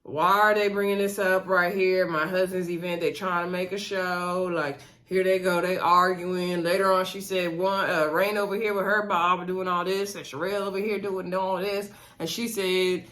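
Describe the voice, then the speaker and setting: A chatty woman recaps a reality show episode, talking to her viewers in a loose, gossipy way. She keeps breaking into lively quotes of the cast as she tells it. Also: fairly low pitch, normal speed. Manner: chatty, addresses viewers as y'all, acts out quotes. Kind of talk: casual chat.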